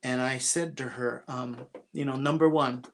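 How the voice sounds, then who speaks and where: A man's voice: mid-range voice, steady tone, measured pace, vocal fry, a bit bright, slight background noise. A man speaking as a guest at a church, telling a personal story in an earnest, confessional way and often repeating his opening words.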